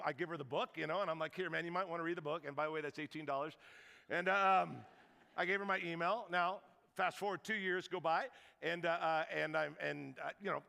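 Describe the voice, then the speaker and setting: A man's voice: high voice, creaky, bright, forceful tone, long reverb tail. A man pastor preaching a sermon, telling stories animatedly and acting out other people's voices with jokes.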